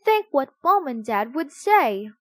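A woman voicing a doubtful, questioning young boy in a storybook, a bit louder than her narration. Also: high-pitched, big pitch swings, measured pace, no echo, clean studio sound, full character voice. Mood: puzzled. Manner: louder, puzzled.

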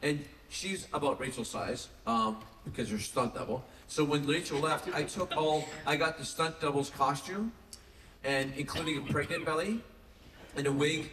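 A man's voice: on the high side, moderate pace. Guy on a con panel telling a funny story, echoey hall, mic kinda far off. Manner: animated storyteller, chuckling. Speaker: actor on a convention panel. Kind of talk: telling stories on a fan convention panel. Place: large convention hall. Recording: echoey hall, distant mic, some noise.

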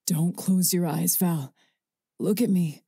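A woman voicing a stern, low-voiced winged man who speaks in firm, steadying commands, with a husky tone. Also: fairly even intonation, slow pace, dark tone, no room sound, clean studio sound, exaggerated voice. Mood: urgent calm.

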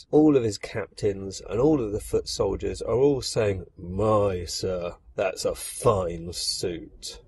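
A man narrating a dark fairy tale, expressive and speaking directly to the listener. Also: medium pitch, slightly rough. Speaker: storyteller. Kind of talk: dramatic storytelling narration.

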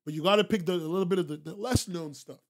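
Talking fast in a high voice, a man hosts a podcast and speaks casually and bluntly to his stream chat. Swearing comes easily to him, he repeats himself for emphasis, and he laughs frequently.

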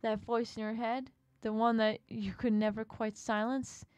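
A woman's voice: on the high side, flat delivery, unhurried, a little mellow, no room sound, close to an everyday voice. A woman reading as a taunting sea monster. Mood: gloating. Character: sinister taunting sea monster, cruel and mocking. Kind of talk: reading a game's dialogue aloud.

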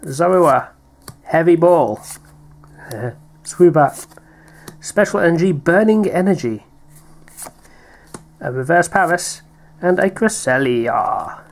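A man's voice: on the high side, animated, slow, long pauses. A British man chatting playfully while opening card packs, reading out names with little laughs. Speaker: card pack opener, co-host. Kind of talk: casual unboxing chat.

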